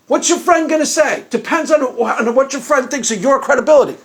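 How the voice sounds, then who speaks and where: A man hosting his own video, arguing a point in an animated monologue and acting out bits of dialogue. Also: very high voice, a little fast, few pauses. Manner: animated, acts out quoted dialogue. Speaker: video host. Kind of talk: argumentative monologue.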